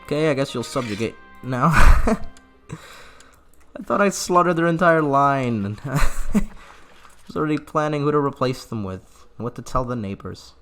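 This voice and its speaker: A man's voice: mid-range voice, lively intonation, fairly bright tone, faint music behind. A man in the middle of his vocal range talks his viewers through a strategy game session, loose and jokey. He leans on sarcasm and stretches out words in mock mourning, with a playful, offhand edge throughout. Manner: joking, sarcastic, with drawn-out mock grief. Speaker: gaming channel host. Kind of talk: let's play commentary.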